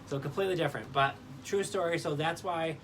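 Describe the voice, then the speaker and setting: A man's voice: on the high side, a little fast. A man in his thirties co-hosting a live Q&A, telling stories in an earnest, chatty way. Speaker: co-host. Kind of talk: casual live Q&A chat. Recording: faint background noise.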